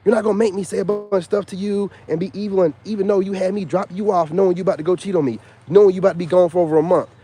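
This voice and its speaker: A man's voice: high voice, fairly even intonation, rapid-fire, few pauses, dark tone. A man in his thirties talking in a casual vlog monologue, emphatic and repetitive with a slangy delivery. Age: 30s. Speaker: YouTuber.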